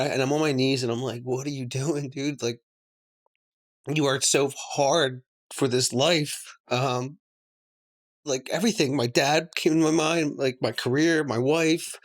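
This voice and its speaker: A man, telling a personal story on a podcast in a rambling way, full of "like" and quick laughs. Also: mid-range voice. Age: 40s. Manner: rambling, lots of "like" and laughs between words. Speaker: podcast host.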